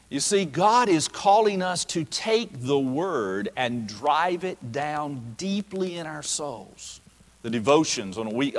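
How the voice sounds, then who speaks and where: Man preaching in a reverberant hall. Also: a little high. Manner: emphatic preaching with slow stressed quotations. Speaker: pastor. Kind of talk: sermon. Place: church sanctuary. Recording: long reverb of a church hall.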